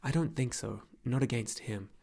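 A man voicing a troubled, resolute young male warrior in a quiet, subdued way. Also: medium pitch, normal speed, creaky.

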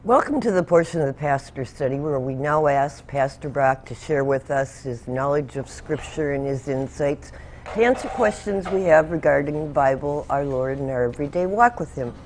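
A woman's voice: low voice, moderate pace, a little mellow, a little hiss or hum. A woman co-host politely introducing a question segment and asking the pastor about scripture. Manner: polite, inquiring.

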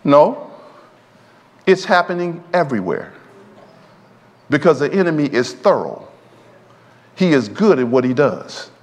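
A man's voice: a little high, very animated, measured pace, long pauses. A man preaching a sermon in a church, drawing call-and-response from the congregation. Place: church sanctuary. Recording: long hall reverb in a church.

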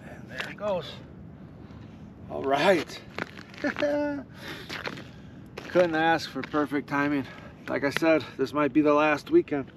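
Excited ice-fishing man, off-mic. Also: fairly high pitch, slow pace, pauses often. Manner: excited, talks to viewers while ice fishing. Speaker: fishing vlogger. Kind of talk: casual outdoor commentary. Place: outdoors on a frozen lake. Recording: outdoor wind noise, distant mic.

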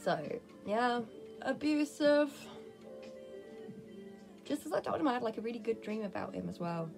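A woman's voice: mid-range voice, expressive, fast, gravelly, over music. A young woman venting in a casual home vlog, blunt and full of swearing. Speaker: vlogger. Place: home, kitchen.

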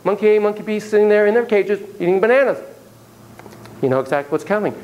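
A man giving a classroom lecture on parenting in an animated, joking way, acting out the examples. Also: high-pitched, fast talker, a little hiss or hum, low-quality recording. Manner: animated, jokey, acts out examples. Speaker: psychology lecturer.

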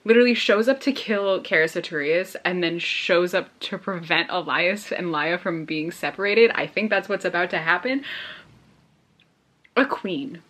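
A woman's voice: on the low side, normal speed, few pauses, a bit bright. A young woman vlogging her reactions to a book, gushing and emotional and laughing often. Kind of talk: casual reading reaction vlog.

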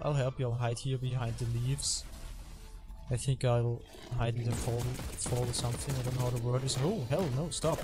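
Casual male gaming commentator, rambling and self-mocking, with clear game music under him. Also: mid-range voice. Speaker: gameplay commentator. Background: game music and effects.

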